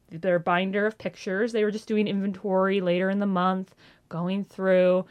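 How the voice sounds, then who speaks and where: Animated woman telling ghost stories. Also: mid-range voice. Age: 30s. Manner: animated storyteller, acts out gasps and quotes. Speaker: ghost tour guide. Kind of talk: storytelling interview.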